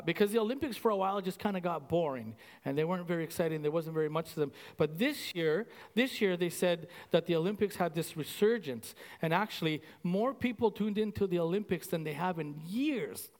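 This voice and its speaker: A man from Canada preaching a casual, animated sermon to his congregation, repeating himself and saying "like" often. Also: a little high, in a large hall. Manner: animated, conversational, repeats phrases with many "like"s. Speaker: pastor.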